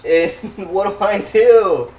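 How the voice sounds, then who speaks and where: This young let's play commentator has a high voice with lively intonation, a slow pace, and a dark tone. He tells a long, profane story in a loose, rambling manner over a game, with frequent laughs and asides, recorded in an echoey room with the mic far away.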